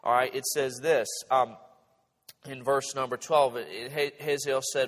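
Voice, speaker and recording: A man preaching a sermon, retelling the passage in animated storytelling and acting out the characters. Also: mid-range voice, normal speed. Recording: reverberant hall.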